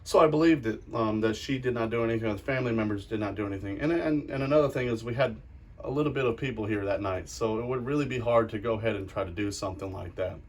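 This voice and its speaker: A man's voice: lowish voice, quick pace, a little mellow. A man who investigates the paranormal, talking bluntly and earnestly in an interview and often repeating himself.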